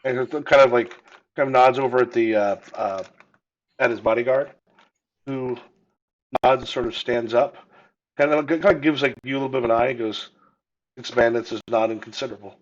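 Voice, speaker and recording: A man's voice: mid-range voice, fairly even intonation, normal speed, long pauses. A man running a tabletop game as game master, narrating with lots of fillers and hesitations. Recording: dull lo-fi audio.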